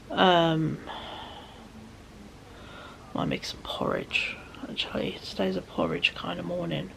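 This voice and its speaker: A tired woman vlogging from home in a rambling, soft way that often drops to a whisper. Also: fairly low pitch, takes it slowly, vocal fry, long pauses, a little hiss or hum. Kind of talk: casual chat to camera.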